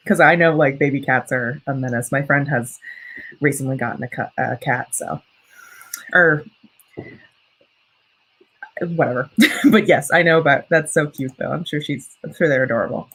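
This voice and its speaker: A woman's voice: very deep voice, normal speed, long pauses, fairly bright tone, husky, poor audio. A young woman hosting a casual livestream, chatting with viewers and reading their comments in a rambling, self-correcting way. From United States. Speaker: livestream host and student writer.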